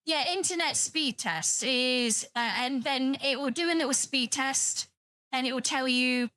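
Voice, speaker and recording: British woman, streamer, casual rambling chat, swears a lot, high voice, dry close sound. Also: unhurried, pushed and bright, no room sound. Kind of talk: casual livestream chat with viewers.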